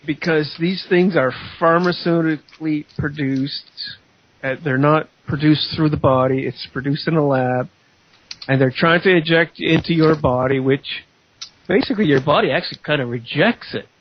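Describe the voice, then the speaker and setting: A man guest on an internet radio talk show, his voice slightly high. He speaks haltingly, with many "uh"s and "um"s as he searches for words. The audio is muffled and lo-fi. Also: a little hiss or hum. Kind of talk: casual call-in radio talk.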